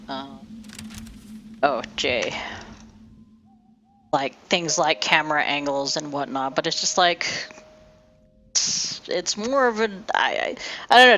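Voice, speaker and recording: A woman's voice: sits low, fairly bright tone, dull audio, slight background noise. A woman streamer chatting casually over gameplay, rambling with lots of fillers and the odd swear.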